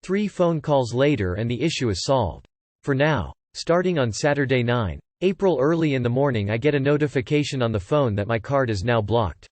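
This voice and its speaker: A man narrating online posts aloud with an even, steady read-aloud delivery. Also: medium pitch, normal speed, no echo.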